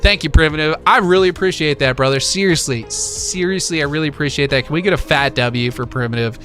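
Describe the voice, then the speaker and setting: A man hosting a casual livestream, reading chat and reacting in an animated, hype-driven way with lots of filler words. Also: a little high, fast talker, music in the background. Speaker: livestream host.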